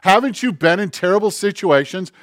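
A man preaching a sermon in an earnest, conversational way, slowing down on key phrases and acting out short bits of dialogue. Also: sits high, expressive, no echo, clean studio sound. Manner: acts out dialogue and asides. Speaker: pastor.

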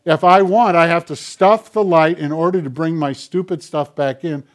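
A man preaching a sermon in an easy, conversational way, slipping into little acted-out exchanges. His voice sits a bit higher than most men's. He talks like a pastor walking a congregation through a passage. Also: steady tone, moderate pace. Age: older. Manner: conversational preaching, acting out quoted dialogue.

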